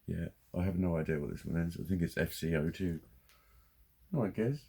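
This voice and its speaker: A man's voice: low voice, fairly quick, vocal fry, dark tone, husky. A man, ranting casually to camera, sweary and rambling, getting heated. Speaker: vlogger.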